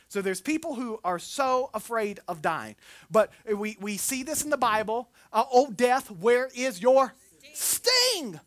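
A woman preaching a sermon, telling personal stories in an animated way and jumping into acted quotes. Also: mid-range voice, dry recording.

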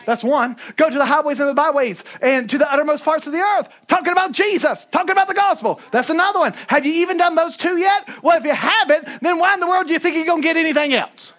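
High-voiced, fiery preacher man. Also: quick pace, few pauses. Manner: animated, shouting at times, folksy asides. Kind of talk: sermon.

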